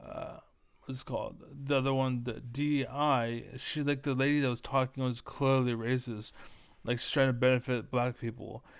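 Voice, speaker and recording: Man, rambling profane rant, crisp smooth voice, dry close sound. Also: little pitch movement, moderate pace, dry recording. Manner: profane, rambling, loses train of thought; mocking squeaky impressions of chatters. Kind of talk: rambling political monologue.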